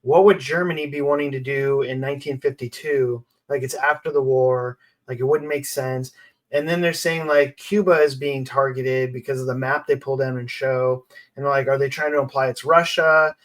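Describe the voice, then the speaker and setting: A man co-hosting a podcast, talking loosely about a film with many fillers and quick asides. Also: medium pitch, fairly even intonation. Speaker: podcast co-host. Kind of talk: casual film discussion.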